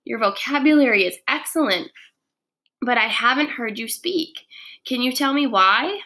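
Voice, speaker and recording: A woman, a first grade teacher, reading a children's chapter book aloud in an expressive, lively way. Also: on the high side, moderate pace.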